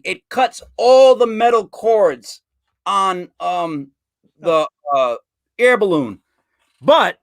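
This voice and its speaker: High, bright-voiced podcast host. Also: male voice, dry recording. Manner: rambling storyteller, animated with joke voices. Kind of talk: casual podcast chat.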